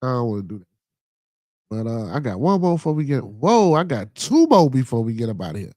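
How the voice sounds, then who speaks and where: A man with a Chicago accent hosting a casual podcast live stream, reacting to chat comments in a loose, animated, profane way. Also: medium pitch, fairly quick, no room sound, studio quality. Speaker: podcast host.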